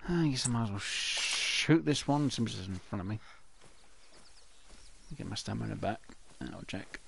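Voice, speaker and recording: Rambling to himself over gameplay, this gaming channel host fields his own questions in goofy voices as casual commentary. He speaks fairly low but animated, at a moderate pace, with vocal fry, a fairly bright tone, and a little hiss or hum.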